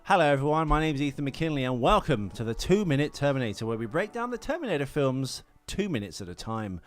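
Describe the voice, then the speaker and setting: A man's voice: mid-range voice, big pitch swings, fast talker. Wry man hosting a podcast. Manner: wry, teasing banter. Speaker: podcast host. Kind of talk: casual podcast chat.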